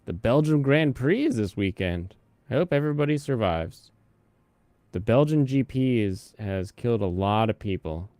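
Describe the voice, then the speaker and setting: A man's voice: mid-range voice, lively intonation, moderate pace, mellow, dry recording. A man chatting casually on a live stream, rambling between topics and humming to himself.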